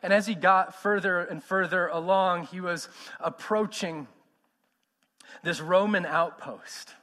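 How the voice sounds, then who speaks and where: A man's voice: high-pitched, steady tone, slow pace, pushed and bright, big-room sound. A man in his thirties preaching a sermon, emphatic and conversational, putting questions to the congregation. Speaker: pastor.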